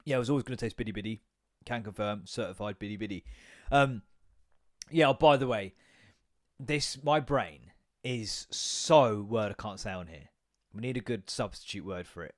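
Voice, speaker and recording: A young man hosting his own podcast, rambling and joking with lots of swearing and sudden loud bursts. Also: fairly low pitch, normal speed. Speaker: podcast host. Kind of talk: casual solo podcast rant.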